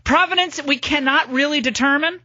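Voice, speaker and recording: A middle-aged woman hosting a political talk radio show, delivering a sarcastic, mocking monologue of rapid-fire lists. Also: high-pitched, sharp tone, no room sound, highs cut off.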